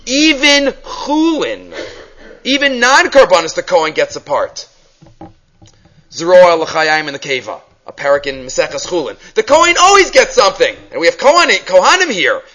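A man teaching a Torah class, animated, acting out questions and mixing Hebrew terms into his English. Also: high voice, moderate pace.

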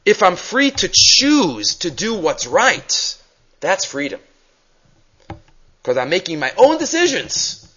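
A man teaching a Torah class, animated, acting out questions and mixing Hebrew terms into his English. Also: sits high, dull audio.

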